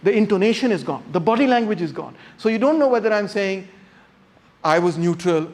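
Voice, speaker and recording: A man giving a classroom lecture, talking straight to students without a microphone and acting out intonation with emphatic, animated delivery. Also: high voice, fairly quick. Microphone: no microphone, unamplified voice.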